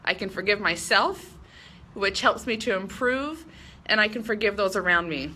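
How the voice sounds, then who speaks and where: A woman's voice: medium pitch, lively intonation, moderate pace, pushed and bright, a little hiss or hum. A woman in her thirties giving a heartfelt personal speech, earnest and candid, often poking fun at her own flaws. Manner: earnest, candid, self-deprecating with light laughs. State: emotional at moments. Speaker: speaker giving a personal talk.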